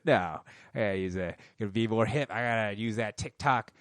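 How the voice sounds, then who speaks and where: A man's voice: on the low side, normal speed, a bit bright, no room sound, clean studio sound. A man in his forties ranting casually and heatedly into a microphone, swearing constantly. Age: 40s. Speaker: podcast host. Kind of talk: casual rant. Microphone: studio microphone.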